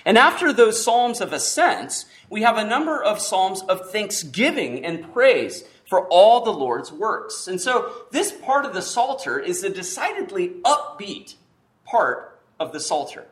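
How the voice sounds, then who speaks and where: Lively-voiced male preacher. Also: high voice. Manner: expressive preaching with emphatic pauses and restarts. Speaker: pastor. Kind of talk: sermon.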